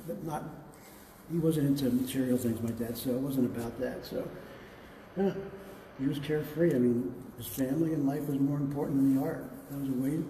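Man, museum owner, relaxed rambling storyteller, very dark tone, echoey hall with long reverb. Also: medium pitch, slight background noise. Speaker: museum owner giving a tour. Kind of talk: casual storytelling on a tour. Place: large museum gallery indoors.

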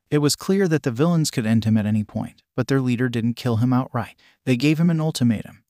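A man narrating a fan-fiction story in an even, unhurried reading. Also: medium pitch, no room sound, studio quality.

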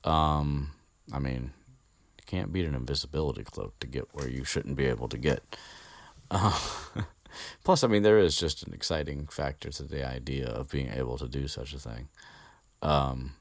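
A man with a strikingly deep, low voice recaps a book in a loose, rambling way. He fills his talk with fillers and the odd casual curse. The sound is dry and close, with no room around it. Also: moderate pace, creaky, dry recording. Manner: rambling, chatty, swears casually. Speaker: podcast host.

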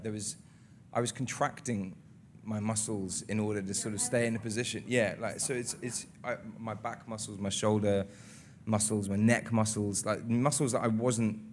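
A young adult man, an actor being interviewed before an audience, speaking in an earnest, reflective way with halting restarts. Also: on the low side, a little hiss or hum. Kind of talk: casual interview talk. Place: studio interview in front of an audience.

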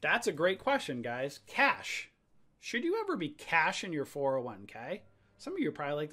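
A man with a somewhat high voice leads a live trading webinar, talking straight to his viewers. He rants with energy and throws in preacher-like calls for an amen. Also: big pitch swings, moderate pace, pushed and bright, breathy edge. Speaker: trading educator. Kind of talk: livestream webinar on stock charts.

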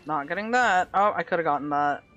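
A woman's voice: on the low side, animated, fairly quick, fairly bright tone, dull audio, faint music behind. A woman streaming live, chatting casually with viewers in a giggly, dramatic way, laughing often.

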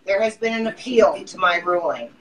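A woman's voice: lowish voice, expressive, fairly bright tone. Formal woman chairing a council meeting. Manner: formal, measured, procedural. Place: council chamber. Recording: echoey chamber, distant mic.

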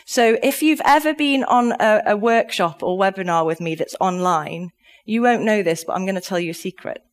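An upbeat woman delivers a conference keynote. She speaks in a chatty, lively way and laughs readily. Her voice sits at an ordinary middle pitch, and she addresses a live audience in a conference room. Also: normal speed.

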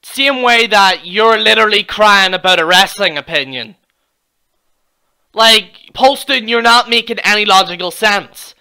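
A man rants in a reaction video, mocking his target and swearing freely. His voice is gravelly with a sharp, bright edge. He talks as a YouTube commentator. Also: high voice, lively intonation, a little slow.

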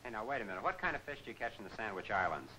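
Teasing wisecrack sidekick talking fast, bright voice, 40s movie. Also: male voice, on the low side, very animated, slight background noise, rough recording. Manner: quick, teasing questioning. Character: wisecracking male sidekick egging on a fool. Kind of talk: 1940s film comedy acting.

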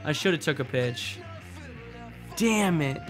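Young guy narrating his game, swears a lot, gets worked up, slightly high voice, music underneath. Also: a little slow, long pauses. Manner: excitable, profane, talks to himself. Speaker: let's play host. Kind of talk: gameplay commentary.

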